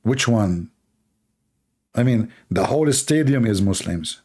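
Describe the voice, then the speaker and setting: A man's voice: on the low side, animated, takes it slowly, a little mellow, breathy edge. A man, a native Arabic speaker from the Middle East, hosting a live show in a rambling, joking style and reacting to the chat. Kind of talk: casual live-stream chat.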